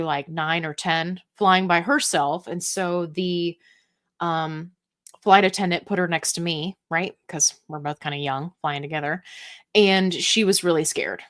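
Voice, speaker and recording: A woman hosting a live question-and-answer stream, reading viewer comments and answering in a chatty, upbeat way with playful asides. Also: lowish voice.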